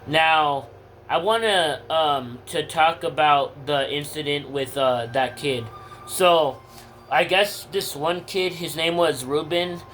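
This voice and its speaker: Teen guy ranting to his camera, kinda high voice, lots of ums, swears a ton, little hiss in the back. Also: slow, fairly bright tone. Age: teens. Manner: rambling with many fillers, blunt and profane. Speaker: vlogger. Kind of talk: casual storytelling to camera.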